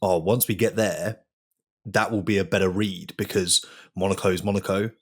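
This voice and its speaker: A man's voice: sits low, steady tone, normal speed, husky. A male journalist on a podcast, chatting casually and analysing in detail, with fillers like "you know". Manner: analytical, with fillers like 'you know'.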